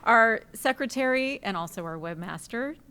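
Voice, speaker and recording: Female parent-group co-president, bright voice, friendly, reads notes. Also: a little high, expressive, moderate pace, smooth. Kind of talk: speech from notes.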